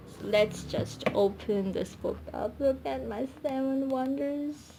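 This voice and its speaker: Gushing, slow-talking young woman vlogger. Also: high voice, warm tone, slight background noise. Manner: gushing, squealing with delight, breathy asides. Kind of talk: excited unboxing vlog.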